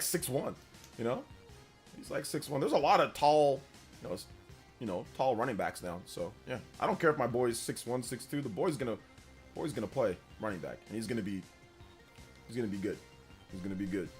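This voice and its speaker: A man hosting a casual gaming news livestream, chatting freely, reading out viewer questions and telling animated stories with frequent laughter. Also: fairly high pitch, slightly rough. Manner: animated storyteller, laughs often, answers chat questions.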